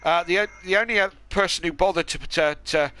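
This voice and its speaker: A man's voice: high-pitched, a little fast, sharp tone. A man hosting a sim racing broadcast, chatting with drivers after the race with lots of fillers and restarts. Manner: chatty, filler-heavy, enthusiastic. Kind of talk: post-race interview commentary.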